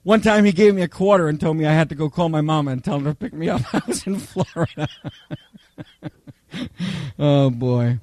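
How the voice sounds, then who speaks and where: A man preaching a Bible study, telling humorous personal stories in a chatty, animated way, often checking in with "okay?". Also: on the high side, normal speed, long pauses, no echo. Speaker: pastor teaching a Bible study.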